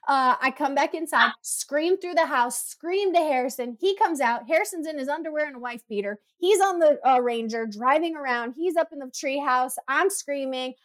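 High-voiced, animated storytelling woman. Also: moderate pace, hardly any pauses. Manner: animated storytelling, acts out her own screams and quotes. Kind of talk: casual chat.

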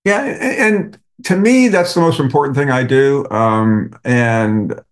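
A radio host speaks as a guest on a podcast, reflective and halting. He restarts often, and his voice sits at an ordinary middle pitch. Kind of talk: conversational interview.

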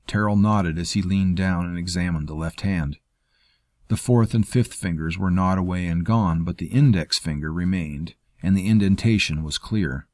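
A man reading a fantasy story in measured, scripted narration. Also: low-pitched, darkish tone, no echo, clean studio sound. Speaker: audiobook narrator.

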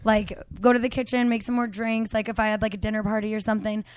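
A woman's voice: medium pitch, little pitch movement, quick pace, smooth, no room sound. A woman in her thirties hosting a podcast, chatting casually and telling stories with lots of "like" fillers. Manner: chatty, storytelling, frequent "like" fillers. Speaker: podcast host. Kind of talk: casual chat.

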